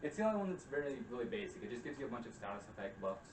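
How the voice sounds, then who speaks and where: A man's voice: medium pitch, very animated, racing, noisy background. A young man casually retelling a game story, rambling, swearing often and acting out the characters' lines. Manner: rambling, profane, acts out quotes. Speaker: game recap presenter. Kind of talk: casual chat. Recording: roomy room, distant mic.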